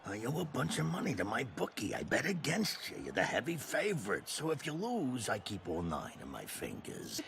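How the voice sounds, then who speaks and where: Give me a gravelly New gambler father, chummy and apologetic, his voice leaping all over the place. Music plays behind him. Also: mid-range voice, wildly swooping pitch, normal speed, hardly any pauses, noisy background. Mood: wheedling. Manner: wheedling, chummy. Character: down-on-luck gambling father, sheepish.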